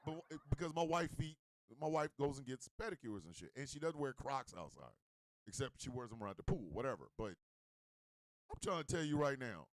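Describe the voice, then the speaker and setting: A man hosting a radio comedy show, ranting in a profane, rambling, animated way. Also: mid-range voice, brisk, dry recording. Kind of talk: comedic rant.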